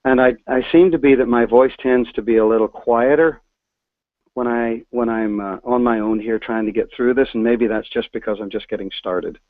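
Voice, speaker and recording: A man's voice: medium pitch, no room sound. Hesitant man on a tinny phone line. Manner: halting, restarts, self-conscious. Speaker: caller. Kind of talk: hesitant call-in question.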